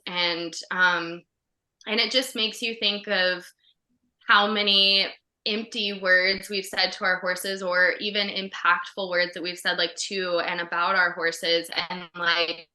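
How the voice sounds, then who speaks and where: A woman's voice: fairly low pitch, flat delivery, slow pace, pushed and bright, roomy sound. A woman co-hosting a podcast, chatting in a heartfelt way with lots of fillers over a video call. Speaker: podcast co-host. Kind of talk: casual podcast chat.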